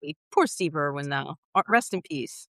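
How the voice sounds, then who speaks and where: Brief: woman guest, animated pitch, bright voice, easy laughter, dry sound. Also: normal speed, no echo. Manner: laughs often, agreeable. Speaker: podcast guest. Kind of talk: casual chat on a live video.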